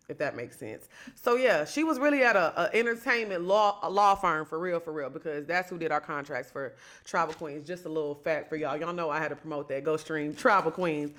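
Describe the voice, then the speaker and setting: A woman's voice: low-pitched, fairly bright tone. A woman hosting her own podcast, giving chatty, sassy gossip commentary and talking straight to her listeners. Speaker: podcast host. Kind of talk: solo reality-TV gossip commentary.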